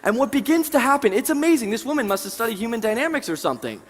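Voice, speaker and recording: A man presenting a live seminar, telling animated stories to an audience in a large conference hall. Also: very high-pitched, very fast. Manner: animated, conversational storytelling to an audience.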